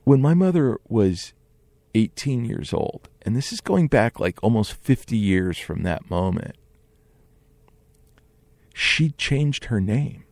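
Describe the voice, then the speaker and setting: A man's voice: mid-range voice, lively intonation, slow pace, long pauses, darkish tone, dry recording. A man telling a personal story in an earnest, conversational way, often restarting his sentences. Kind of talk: first-person storytelling monologue.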